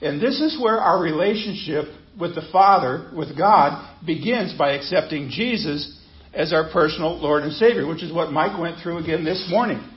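A man's voice: a little high, lively intonation, normal speed, highs cut off. A man preaching a sermon as pastor, talking conversationally and asking his congregation questions.

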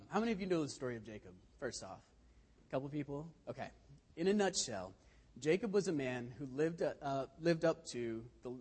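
A man preaching a sermon in a church, easygoing and conversational as he tells anecdotes and often restarts his sentences. His voice is husky at a middling pitch. The room adds a long, echoing hall reverb. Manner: conversational storytelling with frequent restarts. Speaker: lay speaker.

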